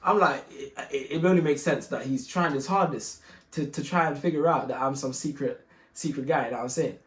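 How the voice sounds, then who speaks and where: A young man telling a personal story in a casual, animated, slangy way, often exasperated and quick to laugh. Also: medium pitch, roomy sound.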